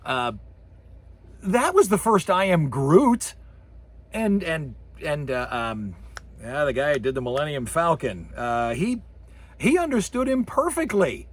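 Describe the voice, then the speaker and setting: Male lecturer, husky voice, very lively delivery, voices sound effects mid-lecture. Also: on the high side, unhurried. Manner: animated, imitates sound effects with his voice. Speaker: university lecturer. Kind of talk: recorded course lecture.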